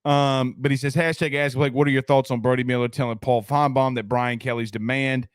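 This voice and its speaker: Chatty sports talk host. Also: male voice, mid-range voice, level tone, a little fast, smooth, no room sound, studio quality. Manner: loose, chatty, slangy, reads viewer comments aloud. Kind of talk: casual live-stream sports talk with host-read ad.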